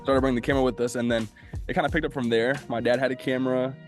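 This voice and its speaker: A man in his twenties from Minnesota, a podcast guest telling his story in a relaxed, conversational way. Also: medium pitch, rapid-fire, music in the background. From Minnesota, USA. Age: 20s. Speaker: guest, video producer. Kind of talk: casual interview storytelling.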